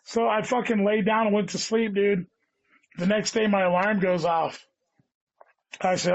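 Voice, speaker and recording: High-voiced man rambling with constant swearing. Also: steady tone, unhurried, long pauses. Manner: rambling, heavy swearing, says "dude" constantly. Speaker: guest comedian. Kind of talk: casual storytelling chat. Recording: dull lo-fi sound.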